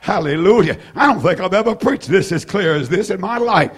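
Older male preacher in his 70s, high-pitched, fervent, repetitive delivery, shouts at peaks, lots of "uh" fillers. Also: lively intonation, brisk, slightly rough. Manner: frequent "uh" fillers and restarts. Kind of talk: evening sermon.

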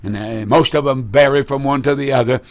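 A man's voice: mid-range voice, fairly quick, no room sound. A man preaching fervently on a broadcast, repeating phrases for emphasis.

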